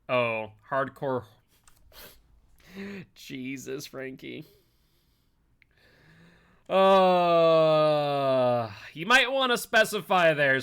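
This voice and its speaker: Bright-voiced chatty male game streamer. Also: mid-range voice. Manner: chatty, reads chat aloud, playful teasing. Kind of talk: live game commentary and chat.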